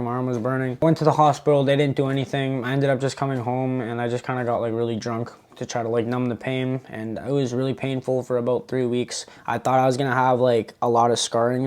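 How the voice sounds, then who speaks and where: A twenty-year-old man telling his own story in a personal vlog, halting and earnest, with many restarts. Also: medium pitch, a little mellow, smooth.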